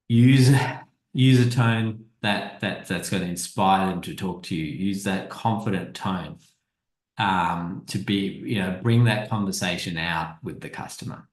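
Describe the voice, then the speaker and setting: Low-voiced man presenting in an echoey room. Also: unhurried. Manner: conversational, often restarts and repeats words. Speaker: marketing business presenter. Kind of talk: casual slideshow presentation.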